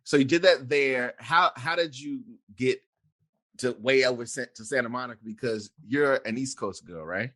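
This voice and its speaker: A man's voice: medium pitch, normal speed, fairly bright tone, dry recording, studio quality. A man hosting a podcast, asking casual questions with a laugh and many restarts. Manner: curious, laughing, restarts his questions often. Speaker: podcast host. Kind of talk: casual interview chat.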